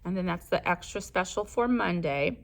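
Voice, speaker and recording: Animated and gravelly, this young woman's lowish voice moves at normal speed as she walks through her day in the classroom. She's a first grade teacher from Southern California, vlogging casually and rambling while running down her plans.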